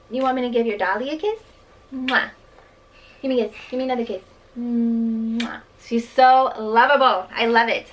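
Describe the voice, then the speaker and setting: A woman's voice: mid-range voice, fairly bright tone, distant mic, a little hiss or hum, rough recording. A young woman chatting casually about her toddler as a mom vlogger, with lots of fillers. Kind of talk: casual chat.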